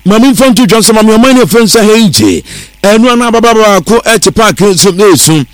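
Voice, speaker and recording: A man reading sports news on the radio in a steady newsreader delivery, mixing English words into his talk. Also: high-pitched, quick pace, no room sound. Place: radio studio.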